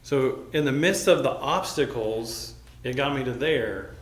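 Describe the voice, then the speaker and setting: A man's voice: mid-range voice, a little slow. A man preaching as a pastor, casually retelling a personal story and acting out what people said. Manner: casual, conversational retelling with acted-out quotes. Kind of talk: sermon storytelling. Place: church sanctuary. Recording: echoey church hall.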